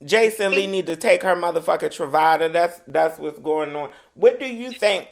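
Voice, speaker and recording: A man's voice: on the high side, normal speed, creaky. A man co-hosting a podcast in casual chat, roasting people bluntly with heavy profanity. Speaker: podcast co-host.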